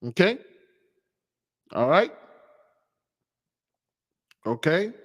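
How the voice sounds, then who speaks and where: A man's voice: fairly high pitch, drawn-out words. Emphatic preaching man, reverberant room. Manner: animated, emphatic, mocking. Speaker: channel host giving a spiritual talk. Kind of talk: casual preaching to followers.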